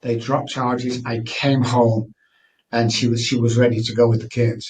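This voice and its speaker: A man's voice: mid-range voice, flat delivery, normal speed, darkish tone, recorded from a distance, slight background noise, poor audio. Candid middle-aged man. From Manchester, England. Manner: earnest, candid, frequent restarts. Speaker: guest. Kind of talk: personal storytelling interview.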